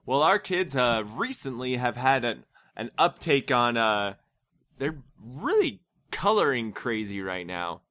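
A man's voice: medium pitch, sing-song, measured pace, bright, forceful tone, no room sound. A man chatting casually with his co-host about their kids, talking loosely with fillers and restarts. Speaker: co-host, parent. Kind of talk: casual family chat.

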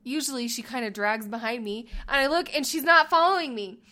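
A woman co-hosting a podcast, telling a story in a casual chat, animated and laughing, acting out the lines she quotes. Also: a little high, brisk. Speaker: podcast co-host.

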